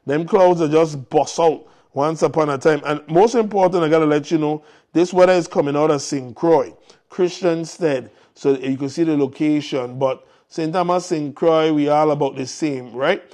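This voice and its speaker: A man's voice: fairly high pitch, normal speed, a little mellow. A man hosting a live morning show in casual chat, upbeat and fond of repeating his calls to the audience. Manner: upbeat, repetitive exhortations to the audience.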